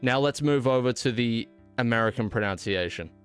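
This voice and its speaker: An Australian man live-streams a game and jokes with his chat in a playful, mock-outraged way. His voice sits at an ordinary middle pitch. Faint music plays behind him. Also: brisk. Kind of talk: casual live-stream chat while gaming.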